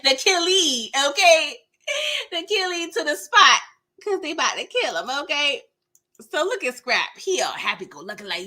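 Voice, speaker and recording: Woman host, live episode recap; bright, slightly high voice; animated and laughing. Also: moderate pace. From California. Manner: animated, laughing, acts out characters mid-story.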